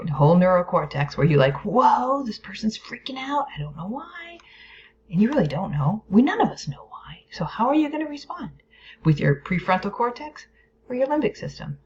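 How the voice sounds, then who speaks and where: Her voice is fairly low with vocal fry and a slightly mellow quality as she teaches a video lesson on how stress affects the brain. Plain explanations mix with playful whispers and acted-out inner voices, all captured in a dull, lo-fi recording.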